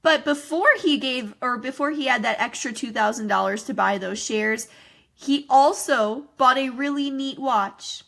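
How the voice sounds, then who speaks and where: Woman co-host, a touch high-pitched, eager and reactive, casual podcast chat. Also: gravelly, a bit bright. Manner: enthusiastic, reacts with quick asides and laughs. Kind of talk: casual movie recap chat.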